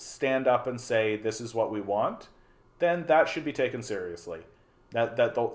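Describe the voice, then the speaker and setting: A man hosting a casual political stream, talking bluntly with lots of restarts and profanity. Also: medium pitch. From Canada. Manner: rambling, blunt, profane, many restarts and fillers. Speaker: livestream host. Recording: roomy echoey room.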